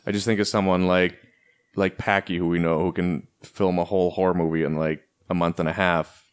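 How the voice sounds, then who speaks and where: A man's voice: deep voice, little pitch movement, brisk, clean tone. A man co-hosting a podcast in casual chat, rambling and full of fillers like "like". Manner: rambling, filler-heavy, lots of "like". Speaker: podcast co-host.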